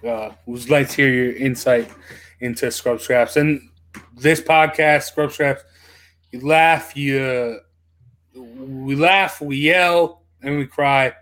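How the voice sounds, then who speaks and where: A man's voice: medium pitch, fairly even intonation, takes it slowly, a bit bright. A man hosting a casual podcast, asking questions in a friendly way with many fillers. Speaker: podcast host.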